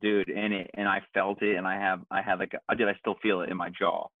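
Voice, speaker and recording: A man's voice: deep voice, flat delivery, fairly quick, no room sound, phone-quality sound. A man co-hosting a podcast, telling a rambling story and acting out what people said to him. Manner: rambling storyteller, acts out quotes. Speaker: podcast co-host. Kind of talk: casual chat.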